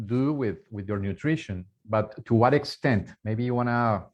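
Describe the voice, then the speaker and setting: Man, interviewer, tentative questions, mid-pitched voice, muffled lo-fi call sound. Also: normal speed. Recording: dull lo-fi call audio.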